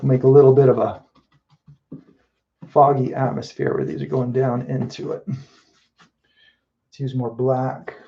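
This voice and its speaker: A man's voice: mid-range voice, little pitch movement, slow, gravelly, long pauses, muffled recording. A man chatting casually as he paints live, thinking aloud and correcting himself as he goes. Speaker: mural painter.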